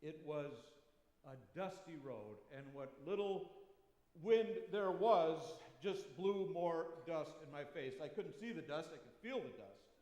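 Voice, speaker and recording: A man preaching a first-person dramatic monologue, telling the story with long pauses and sudden shifts between soft and loud. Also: a little high, animated. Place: church sanctuary. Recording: echoey church with long reverb.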